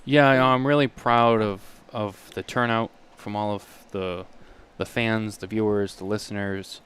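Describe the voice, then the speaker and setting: Male podcast co-host, lowish clean voice, relaxed halting chat. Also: clean tone. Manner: halting, many restarts and fillers. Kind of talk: casual chat.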